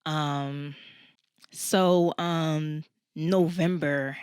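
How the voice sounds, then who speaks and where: A woman's voice: low voice, steady tone, very slow, darkish tone, clean tone, dry recording, studio quality. A woman in her twenties from Philadelphia hosting a podcast, telling a personal story candidly and holding back tears. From Philadelphia, USA. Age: 20s. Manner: candid, emotional, addresses listeners as y'all. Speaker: podcast host.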